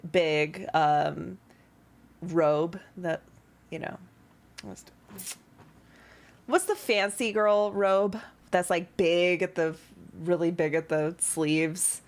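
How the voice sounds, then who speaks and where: Bubbly woman game master, lowish voice. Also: drawn-out words, pauses often. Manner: bubbly, giggly, many "like"s. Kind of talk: narrating a tabletop game, casual. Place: home streaming setup.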